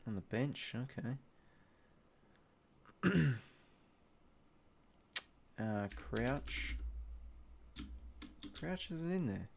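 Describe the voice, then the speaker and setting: A man's voice: mid-range voice, sing-song, extremely slow, vocal fry, pauses often, a little hiss or hum. Casual Australian guy streaming. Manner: chatty, muttering to himself while doing a quiz, greeting chat viewers. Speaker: streamer hosting a live watch-along. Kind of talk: casual live-stream chat.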